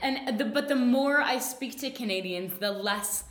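A woman's voice: fairly high pitch, a little slow, fairly bright tone. A woman with an American Michigan accent, chatting casually and laughing easily. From Detroit, Michigan. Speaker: conversation partner. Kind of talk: casual chat. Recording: roomy echo.

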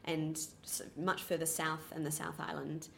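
A young woman with a soft, well-spoken New Zealand accent, answering interview questions casually with many ums and restarts. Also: deep voice, flat delivery, normal speed, gravelly, a little hiss or hum.

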